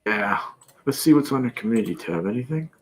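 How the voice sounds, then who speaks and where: A Canadian man with a mid-pitched voice hosts a loose live-stream chat from his campervan. He reads viewer comments aloud and laughs easily. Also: animated, fast talker. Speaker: livestream host. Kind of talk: casual live-chat banter.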